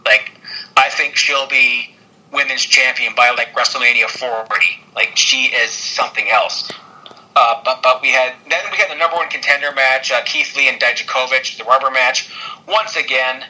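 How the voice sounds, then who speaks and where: A man's voice: mid-range voice, fairly even intonation, normal speed, sharp tone, poor audio. A man casually recapping wrestling on a podcast, rambling with lots of fillers and frequent laughs. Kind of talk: casual chat.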